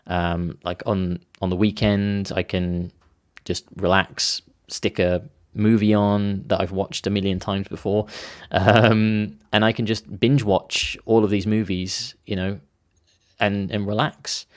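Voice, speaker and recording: Low-voiced guy teaching english off the cuff, spells words out letter by letter, dry close sound. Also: level tone, slow pace, dry recording. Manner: spells out words and explains phrases for learners; enthusiastic, with frequent ums and restarts. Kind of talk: unscripted English lesson monologue.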